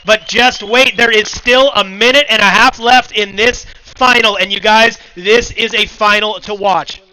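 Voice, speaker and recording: A man commentating a live surf contest, excitable and chatty, talking to the crowd on the beach. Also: high-pitched, measured pace, poor audio.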